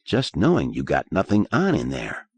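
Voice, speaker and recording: A man's voice: low voice, wildly swooping pitch, moderate pace, breathy edge, dry recording, heavily acted. A man voicing a coaxing teen boyfriend. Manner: soft, coaxing. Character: smooth teenage boyfriend, coaxing.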